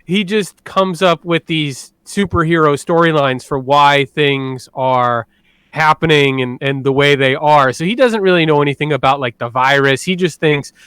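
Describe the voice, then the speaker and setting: A man with a fairly high, smooth, crisp voice chats on a podcast. He tells stories in an animated way and laughs often, and the sound is dry and close. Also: moderate pace, no room sound. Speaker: podcast co-host. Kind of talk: casual podcast chat.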